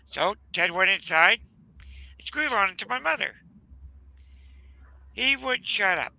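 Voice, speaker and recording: Southern guy rambling on about family stuff, gravelly, kinda high, dry sound. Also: animated, sharp tone, no echo, rough recording. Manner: rambling, halting, many fillers. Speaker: channel host. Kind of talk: casual storytelling chat.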